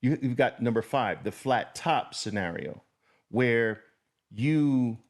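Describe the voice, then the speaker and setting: A middle-aged man teaching chart patterns, speaking deliberately and repeating key words for emphasis as he draws. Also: mid-range voice. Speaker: trading educator. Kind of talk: chart-drawing lesson.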